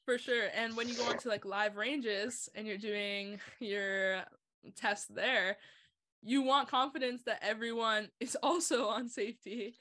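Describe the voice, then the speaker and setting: A woman hosting a casual podcast conversation, talking in an animated, chatty way and laughing between points. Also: on the high side, measured pace.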